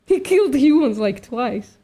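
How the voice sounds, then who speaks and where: A woman's voice: sits high, very animated, unhurried, mellow. A woman hosting a live stream, debating bluntly and swearing, calling people sweetie. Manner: blunt, argumentative, swears, calls others sweetie. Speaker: streamer, vegan activist.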